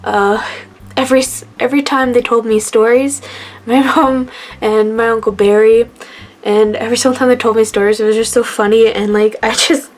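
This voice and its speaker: A woman's voice: fairly high pitch, fairly even intonation, moderate pace. A young woman talking to camera in a tribute vlog, emotional and near tears, rambling and laughing through her sadness. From Canada.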